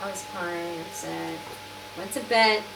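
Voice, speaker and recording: A woman telling a personal church testimony in an animated way, acting out what people said. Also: lowish voice, unhurried, vocal fry, over loud music. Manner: animated storytelling, acting out quotes. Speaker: church member giving testimony. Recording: echoey room, far from mic, noisy.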